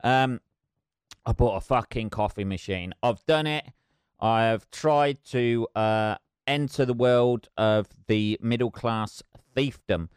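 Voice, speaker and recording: Middle-aged guy swearing his way through a chatty solo podcast, smooth voice. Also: medium pitch, slow, dry recording, clean studio sound. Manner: rambling, sweary and self-mocking. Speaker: podcast host. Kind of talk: casual solo podcast chat.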